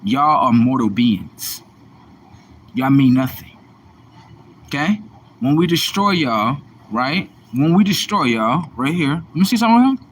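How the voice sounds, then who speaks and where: A man's voice: mid-range voice, lively intonation, slow pace, pauses often, fairly bright tone, a little hiss or hum. A man hosting a livestream, delivering a profane, mocking religious rant in a confrontational, preachy manner. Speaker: livestream host.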